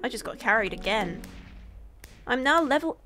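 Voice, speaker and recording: Young female gaming creator, high voice, rambling and self-mocking, comically dramatic. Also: animated, normal speed, bright, forceful tone. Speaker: gaming YouTuber. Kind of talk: casual gameplay commentary.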